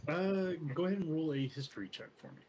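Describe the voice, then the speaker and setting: A man's voice: on the high side, fast, a little mellow, a little hiss or hum, poor audio. A man running a tabletop game as game master, reading a story aloud with small stumbles. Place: home streaming setup.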